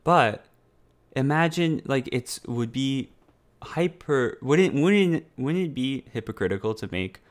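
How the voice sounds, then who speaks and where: A man's voice: mid-range voice, expressive, slow. Rambling man in casual chat. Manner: rambling, heavy on fillers and restarts; swears casually.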